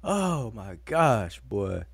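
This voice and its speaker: A man's voice: fairly low pitch, big pitch swings, very slow, gravelly, breathy edge, no echo. A man hosting a live video show, talking casually to his viewers and breaking into fits of laughter. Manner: informal, addresses viewers as y'all. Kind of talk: casual live-stream commentary.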